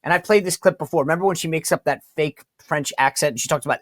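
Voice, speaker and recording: A man's voice: a little high, fast, hardly any pauses, dry recording, studio quality. A man hosting a political talk show, delivering an emphatic, incredulous commentary monologue and mockingly reading quotes aloud. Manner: incredulous, emphatic, repeats himself.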